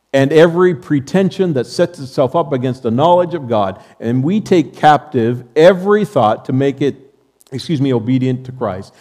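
A male pastor preaches to his congregation in a church sanctuary, quoting scripture and emphatically repeating key phrases. His mid-range voice is expressive and darkish, at normal speed.

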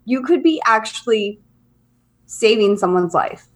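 Higher-voiced mom chatting on a podcast. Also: female voice, expressive, measured pace. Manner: candid storytelling, acts out quotes. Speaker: podcast co-host. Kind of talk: casual chat.

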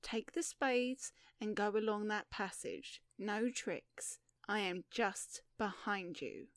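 A woman's voice: mid-range voice, slow, no room sound, clean studio sound. A woman voicing a harsh, ruthless female captor in an audiobook, giving curt, commanding orders. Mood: curt, menacing. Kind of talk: audiobook reading.

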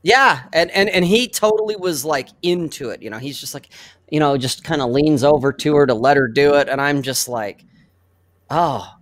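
A man with a slightly higher-pitched voice tells stories in a loose, profane way. He swears freely and jumps into voices as he goes. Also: normal speed, dry recording. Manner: profane storytelling, animated impressions. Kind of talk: casual chat.

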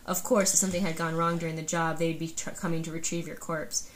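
A woman's voice: deep voice, flat delivery, fast, slight background noise, low-quality recording. A woman co-hosting a book podcast, reading passages aloud and gushing earnestly about the story in casual chat. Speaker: podcast co-host.

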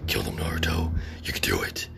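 A man voicing a hateful, coaxing male inner demon in a low, menacing whisper. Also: a little fast, bright, forceful tone, close to an everyday voice.

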